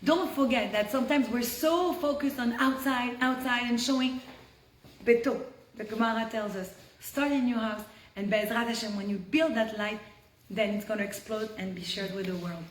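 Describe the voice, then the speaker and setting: Animated woman telling a story with a Torah lesson. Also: on the high side, moderate pace, slight background noise. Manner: animated storyteller, drops to hushed tones for tension. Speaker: Torah teacher. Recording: roomy echo.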